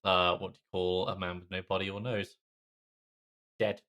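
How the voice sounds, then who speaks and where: Deep, bright-toned British podcast co-host. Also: male voice, little pitch movement, normal speed, highs cut off. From Britain. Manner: laconic, dry reactions. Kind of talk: casual chat.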